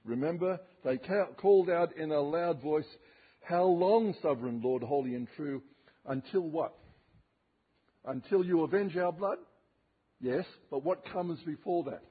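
This male preacher's voice is on the high side with a breathy edge. Reading scripture slowly and emphatically in an expository sermon, he uses dramatic rises and drops, all captured in a tinny, phone-like recording.

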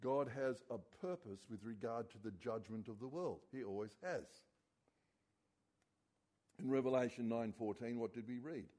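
Pastor, male, warm mellow tone, earnest sermon delivery that sinks quiet on key words. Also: medium pitch, moderate pace.

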